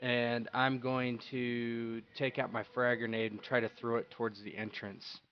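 A man's voice: medium pitch, little pitch movement, unhurried, lo-fi sound, noisy background. A man playing a tabletop game, blunt and joking as he declares his moves. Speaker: player.

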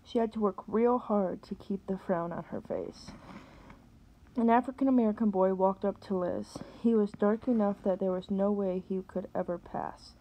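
A woman, a teacher, reading a novel aloud and pausing to explain words. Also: medium pitch, fairly even intonation, dark tone, low-quality recording.

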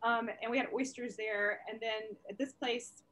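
Animated, profane woman telling stories. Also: fairly high pitch, normal speed, a little hiss or hum. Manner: animated, profane, laughing storyteller. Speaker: comedian guest. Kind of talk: casual storytelling interview. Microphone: video call.

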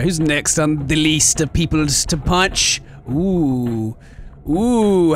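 A man commentating on a game, giggling constantly and swinging into mock-dramatic outbursts. His voice leaps all over the place, bright and forceful in tone, with faint game music playing underneath. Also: sits high, gravelly. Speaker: gaming YouTuber. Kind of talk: gameplay commentary.

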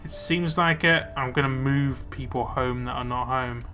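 Bright-voiced man narrating gameplay. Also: medium pitch, fairly even intonation, normal speed, faint music behind. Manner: chatty, muttering to himself while playing. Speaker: let's play gamer. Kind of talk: casual gameplay commentary.

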